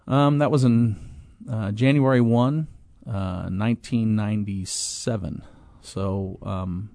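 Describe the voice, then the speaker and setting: A middle-aged man with a low, gravelly voice tells his story in a loose, conversational way, full of restarts and quoted dialogue. The sound is close and dry, with no room around it. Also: takes it slowly, mellow, no echo. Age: 20s in 1997, now middle-aged. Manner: rambling, with many restarts and acted-out quotes. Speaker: guest, apartment property owner. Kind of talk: casual interview storytelling.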